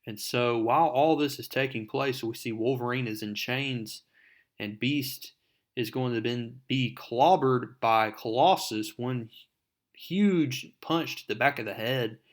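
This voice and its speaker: A man's voice: mid-range voice, measured pace. A man narrating a comic book recap with enthusiasm, talking to his viewers as folks.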